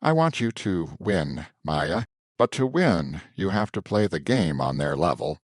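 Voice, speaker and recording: A man reading aloud voices a poised, shrewd woman assistant, heavily acted, in calm, measured, earnest sentences with a hushed warning. His voice is deep with a breathy edge but rises and falls a lot. The recording is close and dry, with no room sound.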